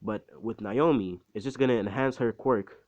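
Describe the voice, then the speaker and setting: A man's voice: medium pitch, moderate pace, a little mellow, dull audio. Slangy man rambling through a story. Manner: rambling and loose, with slangy asides and swearing. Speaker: fan-fiction storyteller. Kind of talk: casual spoken story recap.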